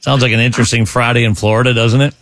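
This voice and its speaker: A man hosting a radio morning show, running a quiz game with quick, joking banter and hyping up the caller. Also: mid-range voice, level tone, very noisy.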